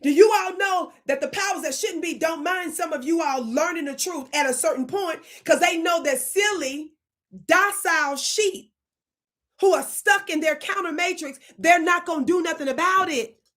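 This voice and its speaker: A woman hosting her own channel gives a fiery, preachy commentary, scolding viewers, stretching words out for emphasis and repeatedly asking whether they're listening. Her voice is very high and fairly bright, at a moderate pace.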